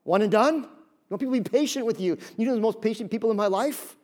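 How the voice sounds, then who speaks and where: A man preaching a sermon as pastor, animated, acting out voices and repeating key phrases. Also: sits high, fast talker. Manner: animated, acts out voices of listeners.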